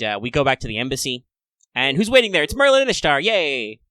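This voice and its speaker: A man co-hosting a casual fan podcast, talking in a chatty, playful, upbeat way with excited asides. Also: medium pitch, clean tone, dry recording. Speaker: podcast co-host.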